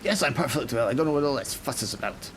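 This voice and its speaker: A man's voice: mid-range voice, expressive, racing, slight background noise, pitched above the performer's own voice, lightly acted. A man voicing a blustering, drunk old male sea captain who rants with old-fashioned exclamations.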